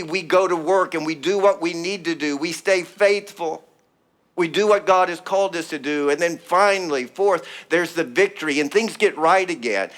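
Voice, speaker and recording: Man, middle-aged, pastor, sermon, emphatic rhythmic delivery, slightly high voice. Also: fairly bright tone. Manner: emphatic, rhythmic preaching with repeated phrases.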